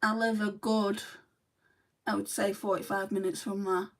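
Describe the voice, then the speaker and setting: Speaking at a normal speed in a level, medium-pitched voice, a woman from Lancashire answers viewer comments in a relaxed chat on her beauty livestream, her Lancashire accent clear. She sits far from the mic in a low-quality recording.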